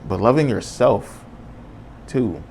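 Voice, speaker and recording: A man's voice: medium pitch, takes it slowly, a little mellow, slight background noise. A man hosting a podcast, talking on his own in an earnest, casual and reflective way. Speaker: podcast host. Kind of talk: solo podcast monologue.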